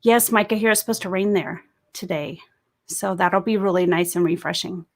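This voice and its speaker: A woman's voice: lowish voice, steady tone, moderate pace. Woman, live-stream host, sore throat, chatty, greets viewers, reads comments aloud, desk mic. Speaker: livestream host. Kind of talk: casual live-stream chat. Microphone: desk microphone.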